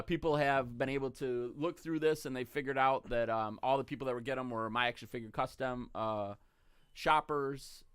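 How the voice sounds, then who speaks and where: Smooth-voiced relaxed man host. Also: medium pitch, no room sound, clean studio sound. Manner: relaxed, many fillers. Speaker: podcast host. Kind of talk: casual chat.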